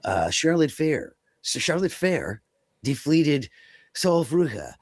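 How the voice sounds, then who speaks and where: A man co-hosting a casual wrestling podcast, rambling and joking, slipping into quick silly voices. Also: fairly high pitch, very animated, no echo, clean studio sound. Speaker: podcast co-host.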